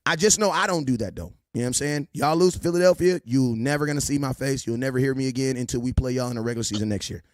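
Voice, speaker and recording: A man hosting a casual sports livestream, shouting out viewers by name and teasing them like a preacher. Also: mid-range voice, no echo, studio quality. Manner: rapid shout-outs to viewers, playful preacher-style teasing. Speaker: livestream host.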